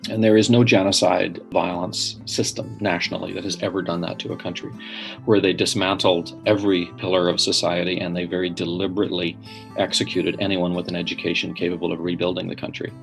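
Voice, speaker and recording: Gravelly man telling a story. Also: sits low, a little fast, soft background music. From Northern Ireland. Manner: animated storyteller, earnest, frequent restarts. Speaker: podcast guest. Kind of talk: storytelling interview.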